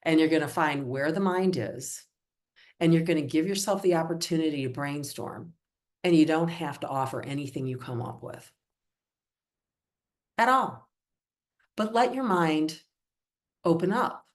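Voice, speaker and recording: A woman's voice: sits low, unhurried, long pauses. A woman presenting a coaching workshop over a video call, upbeat, encouraging and conversational. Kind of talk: live online workshop talk.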